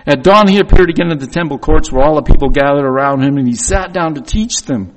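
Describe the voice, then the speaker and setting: A man's voice: a little high, fast talker, poor audio. A man preaching a reflective, confessional sermon, reading scripture and acting out the voices in it.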